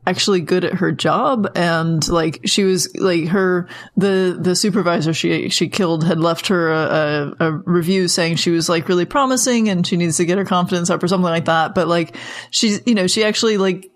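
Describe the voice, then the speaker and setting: A woman's voice: fairly low pitch, normal speed. A woman co-hosting a casual podcast chat, thoughtful, with many "like" fillers.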